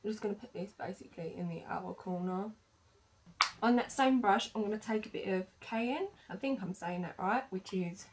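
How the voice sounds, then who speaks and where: A woman chatting casually through a makeup demo, with lots of fillers and self-corrections. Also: mid-range voice. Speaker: beauty vlogger. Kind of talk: makeup tutorial chat.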